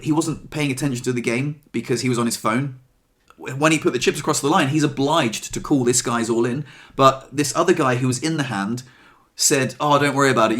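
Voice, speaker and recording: A male vlogger with a medium-pitched voice recaps his week to the camera in a casual style. He's expressive and swears freely, acting out what people said to him.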